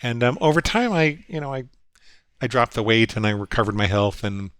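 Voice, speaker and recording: A middle-aged man speaking in an earnest, reflective way, recalling his past and voicing the thoughts in his head. His voice sits at an ordinary pitch, and the recording is dry and close. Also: animated, a little fast, fairly bright tone, smooth, no echo. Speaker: guest psychologist. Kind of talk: storytelling conversation.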